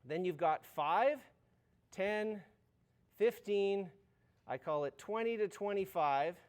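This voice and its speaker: Male university chemistry lecturer, high-pitched, casual and jokey with students. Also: lively intonation, takes it slowly. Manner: informal, joking, frequent restarts and "right?". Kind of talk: classroom lecture. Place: lecture hall.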